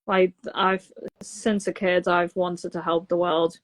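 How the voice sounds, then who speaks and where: A woman's voice: fairly low pitch, little pitch movement, slow. A woman with a London accent co-hosting a podcast, talking in an earnest, open way in casual chat. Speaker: podcast co-host, singer.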